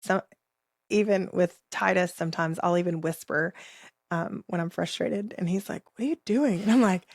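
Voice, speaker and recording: Candid thirties mom podcaster, low pitch, laughs easily, dry studio-close sound. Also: female voice, fairly even intonation, normal speed, gravelly, dry recording. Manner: candid, laughs often, quotes herself talking to her kids. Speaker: podcast co-host. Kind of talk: casual faith podcast chat.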